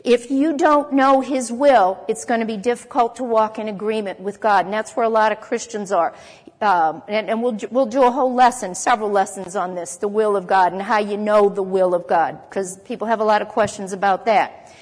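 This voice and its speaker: A woman's voice: medium pitch, steady tone, moderate pace, a little mellow. A woman teaching a Bible lesson, emphatic, repeating key points and reading scripture aloud. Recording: long hall reverb.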